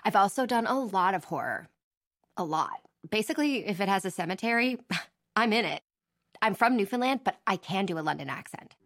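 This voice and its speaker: A woman voicing fog as a horror actress auditioning in a radio ad, speaking softly and theatrically. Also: mid-range voice, animated, fairly quick, no echo, clean studio sound. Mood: spooky, playful. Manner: soft, hushed, theatrical self-promotion. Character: fog, a female horror actor auditioning, playful. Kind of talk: radio ad acting.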